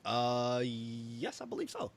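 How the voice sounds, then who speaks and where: A man co-hosting a podcast, telling stories in a relaxed, rambling way full of fillers. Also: mid-range voice, takes it slowly, gravelly, no room sound. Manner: relaxed storytelling, lots of fillers. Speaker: podcast co-host. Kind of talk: casual chat.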